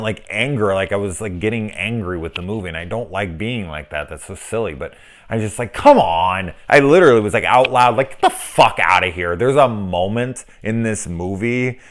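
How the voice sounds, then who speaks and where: A middle-aged man talks through a film review in a loose, unscripted way. His voice sits very low, and he swears freely as he rants and mimics his own reactions. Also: animated, fairly quick. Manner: profane, ranting, acts out quoted reactions. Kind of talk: casual spoken film review.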